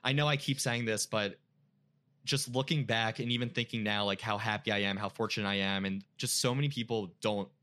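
A man's voice: fairly low pitch, steady tone, a little fast, bright, forceful tone. A young man, a podcast guest, telling an emotional personal story in casual chat, full of filler words.

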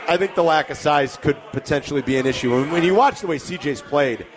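A sports radio host with a voice pitched a touch above most men's. He trades quick, joking banter about the games and keeps the talk moving. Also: crowd noise.

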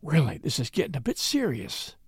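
A man voicing a calm, wry young attorney in a storybook reading, speaking dry and quietly teasing. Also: a little high, a little fast, no echo. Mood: hushed.

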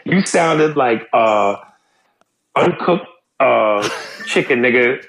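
A man's voice: mid-range voice, lively intonation, slow, creaky, fairly bright tone, poor audio. A man co-hosting a podcast, blunt and teasing in casual chat, reading listener emails aloud. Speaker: podcast co-host.

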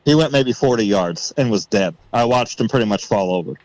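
A man tells a story on a podcast in a loose, casual way, acting out what he thought at the time. His voice sits at an ordinary pitch and comes through a close mic in a dry room with no echo. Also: brisk, lo-fi sound. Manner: excited storyteller, reenacts his own thoughts. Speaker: podcast guest.

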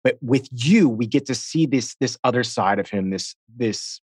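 A man's voice: medium pitch, animated, moderate pace, darkish tone, breathy edge, no echo. A man co-hosting a podcast interview who asks long, rambling, emotional questions. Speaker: podcast co-host.

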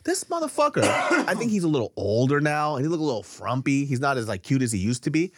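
A man co-hosting a podcast, telling a story in casual, profane chat and getting loud when worked up. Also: mid-range voice, fast, a little hiss or hum. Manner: animated, profane, jumps to shouting when riled. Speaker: podcast co-host. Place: podcast studio.

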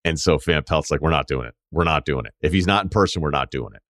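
A man's voice: a bass voice, expressive, quick pace, a bit bright, no room sound, studio quality. A man hosting a podcast, telling a rambling, profane anecdote in a casual storytelling way. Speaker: podcast host.

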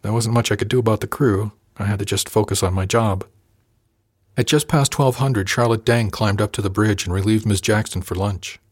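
A man with a low voice narrates a first-person tale in an even, wry storytelling manner. The recording is dry and close, with no room around him. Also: moderate pace, slightly rough, no echo. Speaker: audiobook narrator.

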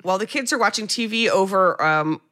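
A woman hosting a podcast, casually retelling a film scene by scene with animated delivery and some swearing. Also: medium pitch, brisk. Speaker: podcast host recapping a film. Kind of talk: casual chat.

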